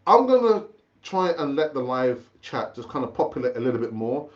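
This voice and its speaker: A man's voice: mid-range voice, big pitch swings, moderate pace. Chatty man hosting a live stream. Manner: chatty, calls viewers "brother", repeats words. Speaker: fan channel host. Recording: dull, lo-fi stream audio.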